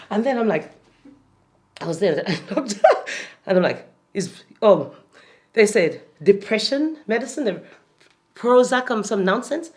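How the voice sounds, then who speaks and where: Jamaican woman, motivational speaker, slightly high voice, animated and laughing. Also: normal speed. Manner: lively, laughing often, with repeated phrases and sudden loud peaks. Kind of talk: animated inspirational talk to a group.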